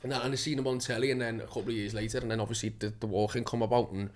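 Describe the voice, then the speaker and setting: A man's voice: medium pitch, little pitch movement, racing, slight background noise. A young man, a guest actor talking casually, rambling, swearing often and laughing as he goes. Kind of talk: casual chat.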